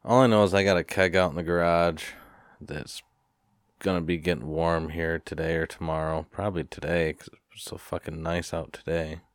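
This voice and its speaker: A man hosting a podcast, telling a story in a casual, profane, rambling rant with animated retellings. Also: low-pitched, normal speed, clean tone, dry recording, studio quality. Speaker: podcast host.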